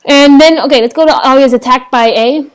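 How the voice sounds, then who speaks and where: A young woman, chatting casually to her laptop webcam at home, rambling excitedly with lots of fillers and restarts. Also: high-pitched, brisk. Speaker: vlogger reviewing a TV episode. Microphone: laptop webcam microphone.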